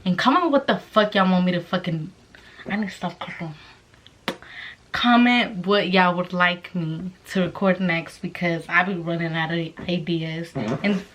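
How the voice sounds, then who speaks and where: A woman's voice: fairly low pitch, unhurried, a bit bright, slight background noise. A young woman telling a storytime vlog at home late at night, in a profane, exclamatory way. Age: young adult. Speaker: vlogger.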